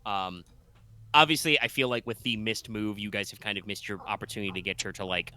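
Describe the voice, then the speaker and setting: A man's voice: lowish voice, fairly even intonation, a little fast, sharp tone, no echo. A man narrating a tabletop game as game master, rambling with many fillers and restarts.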